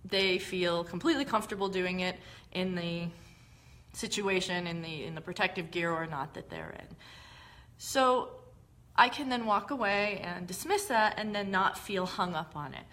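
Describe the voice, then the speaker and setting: A woman's voice: on the low side, animated, normal speed, a bit bright. A woman hosting a live-streamed talk, explaining ideas in a conversational, explanatory way. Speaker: host.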